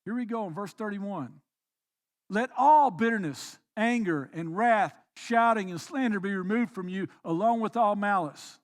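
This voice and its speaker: Pastor guy preaching, really high voice, goes quiet then gets all emphatic. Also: unhurried. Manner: preaching with swings between quiet reflection and emphatic exhortation. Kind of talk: sermon. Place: church.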